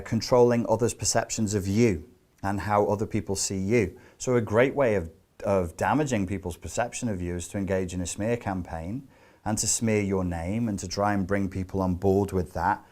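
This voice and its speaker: A man's voice: fairly low pitch, normal speed, a little mellow. A man giving a spoken self-help lecture, emphatic and explanatory, with rhetorical questions and loose conversational asides.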